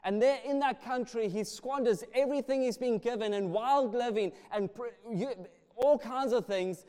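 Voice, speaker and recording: Passionate preacher, high voice, echoing hall. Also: male voice, normal speed, dark tone, clean tone. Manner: passionate, rising and falling in volume. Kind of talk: sermon. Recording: long reverb of a large hall.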